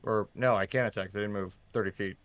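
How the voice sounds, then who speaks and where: A man's voice: fairly low pitch, fairly even intonation, quick pace, a bit bright. A man playing in a tabletop game, asking questions about the rules as he describes his character's moves. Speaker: player. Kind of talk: casual tabletop play.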